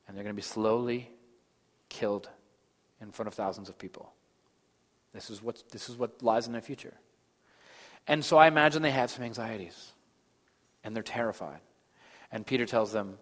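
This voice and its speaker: A man in his thirties preaching a sermon as pastor, moving between loud emphasis and soft, hushed lines. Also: medium pitch, moderate pace, pauses often. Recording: long hall reverb.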